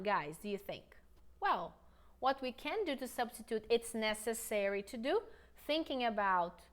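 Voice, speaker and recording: High-voiced upbeat woman teaching English. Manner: upbeat, coaxing, slows down for model sentences. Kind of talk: online English lesson with repetition drills.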